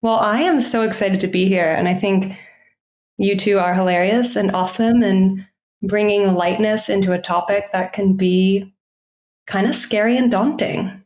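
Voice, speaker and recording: A woman's voice: medium pitch, normal speed, darkish tone. Chatty American woman in an echoey room. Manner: chatty and eager, many "like" fillers. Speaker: podcast guest, yoga and meditation teacher. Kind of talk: casual podcast interview. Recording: roomy, echoey room sound.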